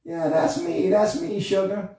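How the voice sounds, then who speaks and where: A man's voice: high voice, fairly even intonation, measured pace, dark tone, pitched above the performer's own voice. A man voicing a passionate female ballerina puppet in a flirty, gushing way. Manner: flirty, gushing, says sugar. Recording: echoey room, voice far from mic.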